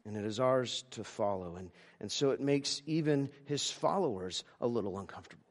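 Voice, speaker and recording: A male pastor preaching a sermon, halting with many restarts, moving between emphatic lines and hushed ones. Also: medium pitch, animated.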